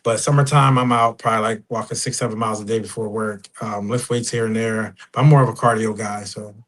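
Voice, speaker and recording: Jersey dude talking fast, laid-back and slangy, dating show contestant. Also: male voice, on the low side, steady tone, a bit bright. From New Jersey. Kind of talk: casual chat.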